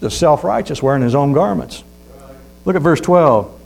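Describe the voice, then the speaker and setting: Male preacher, mid-pitched, folksy storyteller, reads scripture, peppers his talk with amens. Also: expressive, vocal fry, a little mellow, poor audio. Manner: reads scripture aloud slowly. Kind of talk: sermon.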